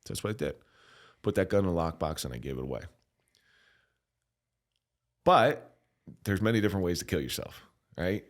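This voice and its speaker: A man's voice: low-pitched, lively intonation. A middle-aged man telling his own story as a podcast guest, candid and emotional, stopping and restarting often and swearing bluntly. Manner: halting, emotional, frequent restarts.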